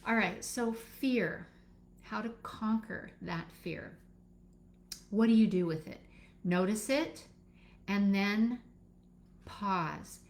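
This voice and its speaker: A woman teaching a live session as a birth educator, calm and instructive, guiding listeners step by step with pauses. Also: medium pitch, gravelly.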